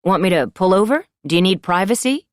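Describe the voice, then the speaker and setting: Audiobook: woman reading a friendly, curious male driver, casual and warm-hearted. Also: medium pitch, animated, brisk, no room sound, clean studio sound, lightly acted.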